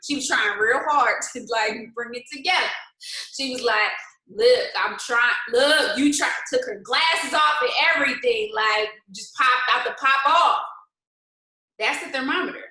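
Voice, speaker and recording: A woman's voice: high voice, sharp tone, reverberant, poor audio. A woman hosting a casual live-stream pep talk at home, firing rhetorical questions and mixing faith-based encouragement with colloquial asides and frequent laughter. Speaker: motivational host. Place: indoors at home.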